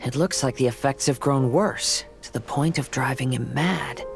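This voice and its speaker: An actor voicing a calm young man in a game who speaks in a measured way, with music behind. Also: mid-range voice, vocal fry, natural voice.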